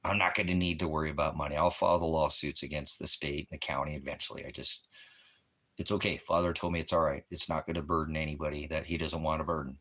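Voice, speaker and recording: A man's voice: very deep voice, level tone, quick pace, sharp tone. A man hosting a casual livestream, rambling profanely and talking straight to his chat viewers. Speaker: livestream host. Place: Christmas Valley area, rural.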